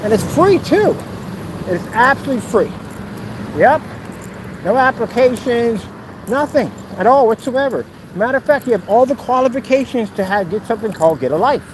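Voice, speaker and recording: A man's voice: very high voice, lively intonation, moderate pace. A man talking casually while walking outdoors, mocking and teasing in a playful way. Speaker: vlogger. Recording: outdoor traffic noise.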